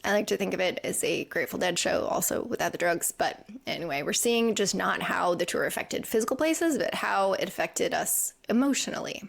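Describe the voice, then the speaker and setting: Female podcast host, mid-pitched with vocal fry, earnest and reflective storyteller. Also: animated, brisk, few pauses. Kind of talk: scripted recap narration. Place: lives in England.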